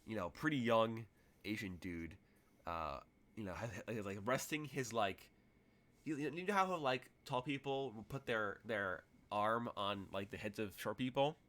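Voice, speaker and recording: A man's voice: on the low side, measured pace, a bit bright. A man narrating as game master in a tabletop role-playing game, rambling through vivid, detailed scene descriptions.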